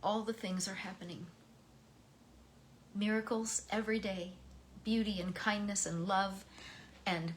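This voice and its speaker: An American woman reading poems aloud and talking between them in a soft, slow way, her voice often dropping to a whisper. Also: mid-range voice, a little hiss or hum. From United States. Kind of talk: reflective poetry reading.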